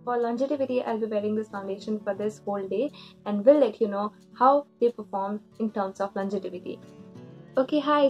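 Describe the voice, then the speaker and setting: Woman doing a makeup review vlog, kinda high voice, earnest and explainy, soft music under it. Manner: earnest, explanatory, with small restarts. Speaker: beauty vlogger.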